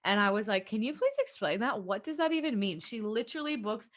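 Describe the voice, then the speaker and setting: A woman's voice: a little high, big pitch swings, a little fast, fairly bright tone. A woman with an Australian accent, hosting a podcast and chatting casually through an intro with loose, rambling asides. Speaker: podcast host.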